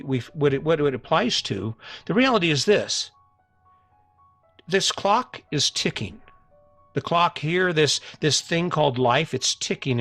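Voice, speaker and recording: A man's voice: on the high side, fairly bright tone. A middle-aged man hosting a podcast, talking earnestly and casually to listeners, often repeating himself and restarting his sentences. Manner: earnest, repetitive, conversational with many restarts. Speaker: podcast host. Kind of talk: motivational solo podcast monologue.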